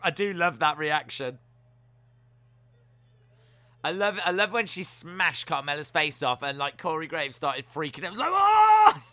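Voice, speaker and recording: A man giving jokey live reactions while watching a wrestling show, now and then letting out sudden loud yells. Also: fairly high pitch, normal speed, pauses often. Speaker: wrestling watch-along streamer.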